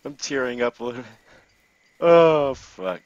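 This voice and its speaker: A man commentating his own gameplay casually, excitable, laughing and swearing often. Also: fairly low pitch, unhurried, no room sound, lo-fi sound.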